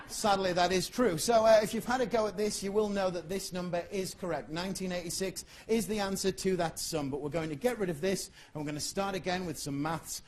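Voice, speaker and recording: An English man works a comedy club crowd as a magician, his voice sitting fairly high. He delivers his jokes deadpan and keeps up loose banter with the audience. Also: normal speed, slight background noise. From England. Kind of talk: stand-up comedy with magic tricks.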